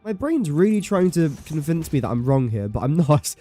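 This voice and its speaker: A man with a dark-toned voice on the high side sounds expressive, speaking at a moderate pace with hardly any pauses over soft background music. He's casually streaming a building game, talking through his thoughts, murmuring counts and sums, and gently making fun of himself.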